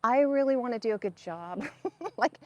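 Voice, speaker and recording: A woman's voice: on the high side, expressive, normal speed, no echo, highs cut off. Chatty woman telling stories, close and dry. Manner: chatty storytelling, acts out quoted voices. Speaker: psychic medium guest. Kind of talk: conversational interview.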